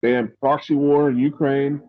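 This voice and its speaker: A man hosting a podcast, chatting casually in a rambling, halting way with many restarts. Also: mid-range voice, little pitch movement, dry recording, phone-quality sound. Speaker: podcast host. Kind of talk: casual opinionated chat.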